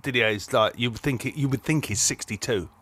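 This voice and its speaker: A man's voice: mid-range voice, brisk, fairly bright tone, slightly rough. A man co-hosting a podcast, chatting about football in a playful, joking way with lots of restarts. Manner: playful, jokey, stumbling restarts. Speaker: podcast co-host. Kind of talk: casual football chat.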